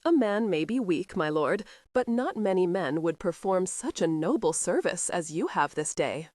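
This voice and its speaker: A woman's voice: on the low side, expressive, moderate pace, darkish tone, dry recording, natural voice. A woman doing a pompous old vicar, preachy. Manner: preachy, self-righteous.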